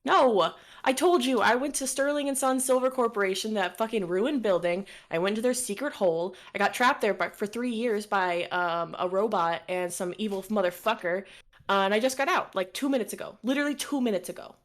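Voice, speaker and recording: A woman's voice: mid-range voice, brisk. A woman playing her character in a tabletop game, emotional and swearing freely. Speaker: player.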